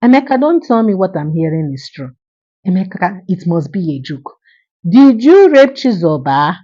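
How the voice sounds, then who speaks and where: A woman's voice: lowish voice, big pitch swings, mellow, breathy edge, highs cut off. Woman voicing an imploring mother. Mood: shocked. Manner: imploring, slow. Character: older mother begging for her son.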